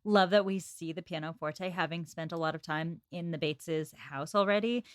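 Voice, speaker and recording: A woman guest on a podcast, chatting casually with wry, quick comments. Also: lowish voice, dry recording, studio quality. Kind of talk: casual chat.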